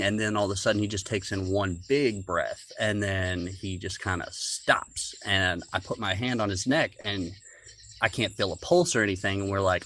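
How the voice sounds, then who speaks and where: A man's voice: sits low, normal speed, fairly bright tone. A man casually telling a long story from his own life on a podcast, rambling with fillers and restarts. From rural United States.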